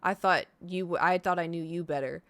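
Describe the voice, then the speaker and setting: A woman voicing a quiet, reserved young man in a game, speaking flat and low-key. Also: brisk, no echo.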